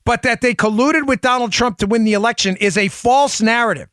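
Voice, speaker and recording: A man hosting a talk show, speaking rapidly and emphatically and addressing listeners directly on a close studio mic. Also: very high-pitched, fairly bright tone, no room sound. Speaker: show host. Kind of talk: opinion talk show monologue.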